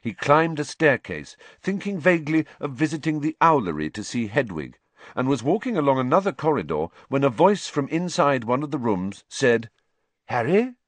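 A man narrating an audiobook, reading with lively character work. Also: medium pitch, normal speed, dry recording.

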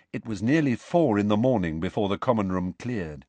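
A man reading a novel aloud as narrator, steady and expressive. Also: on the low side, brisk, hardly any pauses, no room sound. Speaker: audiobook narrator. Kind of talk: scripted narration.

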